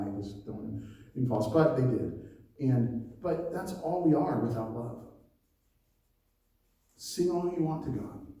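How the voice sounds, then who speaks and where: Echoey pastor preaching from afar. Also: male voice, mid-range voice, mellow. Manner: conversational preaching with laughs and asides. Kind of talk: sermon. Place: church hall. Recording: very echoey church hall, mic at a distance.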